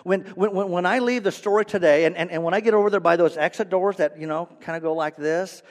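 A man voicing a grieving elderly woman who talks softly and hesitantly, stammering, with a long church reverb. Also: sits high, fast talker, lightly acted. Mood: pleading. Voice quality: soft, quiet and hesitant with stammers.

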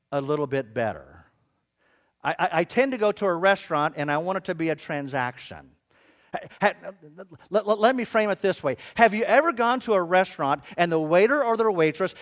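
A middle-aged male pastor delivering a sermon with a notably high voice. His pitch leaps and dips constantly as he tells funny everyday stories, often stumbling into repeated words before he finds his point. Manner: animated, humorous storytelling with stammered restarts.

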